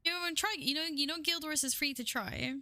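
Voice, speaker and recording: Bright-voiced chatty woman streamer. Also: high voice, brisk, no echo. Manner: chatty, giggly, talks to chat and herself. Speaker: game streamer. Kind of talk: casual live-stream chat while gaming.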